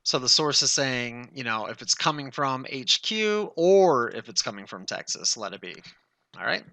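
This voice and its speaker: A man's voice: mid-range voice, animated, normal speed, sharp tone, no room sound. A man giving a casual screen-recorded networking tutorial, chatty and thinking aloud as he addresses the viewers as guys.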